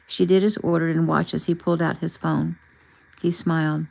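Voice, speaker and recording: A woman narrating an audiobook in an even, plain reading style. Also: deep voice, normal speed, gravelly, rough recording.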